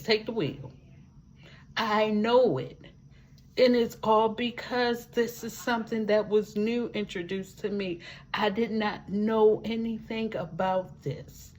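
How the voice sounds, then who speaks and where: A woman speaking to her viewers in a personal testimonial, talking emphatically, repeating words for effect and dropping folksy asides. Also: mid-range voice. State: living with a disability, wheelchair user. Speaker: vlogger sharing her life with a disability. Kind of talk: personal testimonial talk to camera.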